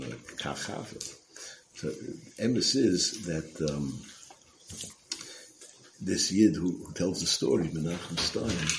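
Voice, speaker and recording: A man telling a story in a Torah lecture, in a casual, rambling way with many fillers and asides. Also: deep voice. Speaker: Torah class speaker. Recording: roomy with clear background noise.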